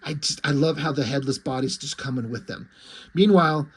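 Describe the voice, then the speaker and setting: A man's voice: mid-range voice, fairly quick, slightly rough. A man casually reading through and reacting to a comic, rambling and amused, with many likes and ums. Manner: rambling, amused, lots of fillers. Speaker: comic reviewer.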